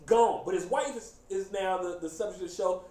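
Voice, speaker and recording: A man hosting a casual chat, animated and joking, often breaking into laughter. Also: high-pitched, fairly quick. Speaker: host. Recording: echoey room, faint background noise.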